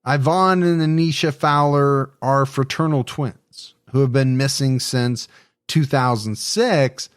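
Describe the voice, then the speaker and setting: A man hosting a true crime podcast in a relaxed, easygoing chat with his co-host. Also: medium pitch, slow pace, clear, resonant tone. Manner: relaxed, easygoing, laughs often.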